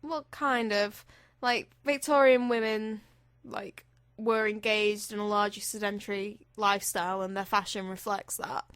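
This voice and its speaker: A woman's voice: mid-range voice, steady tone, moderate pace, fairly bright tone, clear, resonant tone, dry recording, studio quality. A young woman co-hosting a casual podcast, rambling and chatty, swearing now and then. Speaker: podcast co-host. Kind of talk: casual chat.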